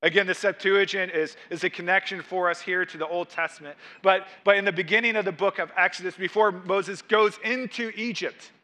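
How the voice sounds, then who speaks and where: A man's voice: high voice, steady tone, fairly quick, few pauses, pushed and bright. A man preaching a sermon, reading scripture aloud and explaining it with rising emphasis. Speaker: pastor.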